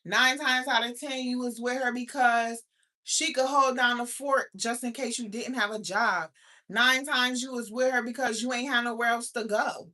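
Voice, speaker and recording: A woman's voice: a little high, steady tone, normal speed, pushed and bright. A woman hosting a live stream in casual chat, talking bluntly and profanely to her viewers. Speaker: livestream host.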